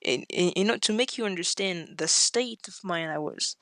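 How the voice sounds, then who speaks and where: A woman, a podcast guest, tells a story in a casual chat and acts out the quotes with sudden leaps in pitch. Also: normal speed, a bit bright, no echo, studio quality.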